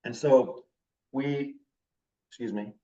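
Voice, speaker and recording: A man in his fifties teaching a class, his talk intense. His voice sits at an ordinary pitch. It was recorded from a distance on a dull, lo-fi recording. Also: slow pace. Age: 50s. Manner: intense, animated talker.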